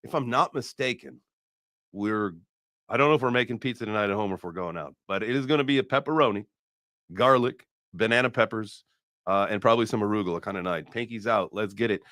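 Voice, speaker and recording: A man hosting a casual morning live stream, joking and rambling and swearing now and then. His voice sits mid-pitch with a bright, forceful edge. It is recorded close and dry. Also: fast, no room sound.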